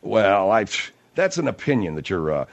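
A man's voice: on the low side, sing-song, normal speed, vocal fry, dull audio. Wry male radio comedy host. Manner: wry, mock-flustered, playful. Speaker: radio talk-show host. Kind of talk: comedic radio talk show.

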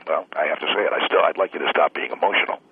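Super deep gravelly guy calling in, husky, tinny phone line, keeps stopping and restarting. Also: fairly even intonation, no echo. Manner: slow, halting, full of restarts. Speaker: caller. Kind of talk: call-in radio talk.

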